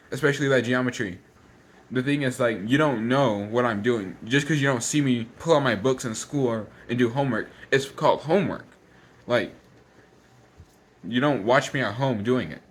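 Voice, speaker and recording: A teenage boy ranting in a casual vlog, exasperated and repetitive, rushing his words and sounding slightly out of breath. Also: medium pitch. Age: teens. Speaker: vlogger.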